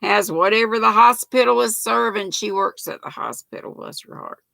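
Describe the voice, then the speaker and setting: Gravelly older woman chatting. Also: mid-range voice, normal speed, sharp tone, no room sound. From North Carolina, US. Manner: chatty, folksy, thinking aloud. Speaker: livestream host. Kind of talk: casual live chat reading viewer comments.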